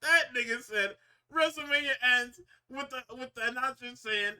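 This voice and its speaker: A man on a podcast giving a casual, profane wrestling recap. He gets excitable, laughs often and acts out the wrestlers' lines. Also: very high voice, normal speed, smooth.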